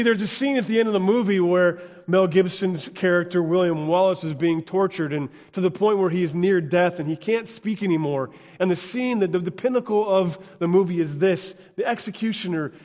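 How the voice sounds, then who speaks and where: An American man preaching a sermon as pastor, speaking emphatically and building to loud exclamations. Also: on the high side. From United States. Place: church sanctuary. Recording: long reverb of a church hall.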